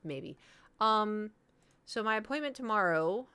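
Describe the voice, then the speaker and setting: A woman in her thirties talks casually to her stream audience. She rambles from one story to the next and laughs easily along the way. Her voice sits in a middle pitch. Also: lively intonation, measured pace, sharp tone, clear, resonant tone. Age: 30s. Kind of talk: casual chat to a live stream.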